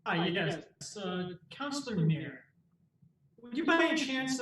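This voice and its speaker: High-pitched guy doing a fake courtroom pitch, over the top, far from the mic in a roomy space. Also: sing-song, takes it slowly, fairly bright tone. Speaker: improv performer arguing for muffins. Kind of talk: mock courtroom improv argument. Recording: echoey room, far from mic.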